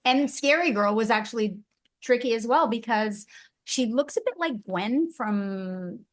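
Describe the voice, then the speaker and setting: A woman voice actress chatting casually as an interview guest, bubbly and quick to giggle. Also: fairly high pitch, animated.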